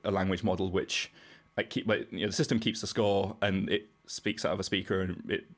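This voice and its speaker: A man's voice: sits low, little pitch movement, a little fast. A British man, a guest on a podcast, explaining technical ideas in a casual, wry way and thinking aloud as he goes. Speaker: podcast guest, browser engineer.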